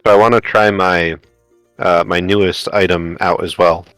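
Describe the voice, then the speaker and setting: Low-voiced man playing a tabletop game. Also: fairly even intonation, moderate pace, fairly bright tone, clear, resonant tone, dry recording, faint music behind. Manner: checks the rules aloud, unsure. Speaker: player. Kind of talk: casual tabletop game play.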